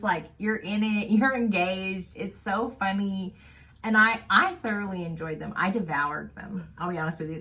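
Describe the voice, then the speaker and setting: Chatty woman podcast host. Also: medium pitch. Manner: animated, laughs often, chatty. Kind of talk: casual book chat.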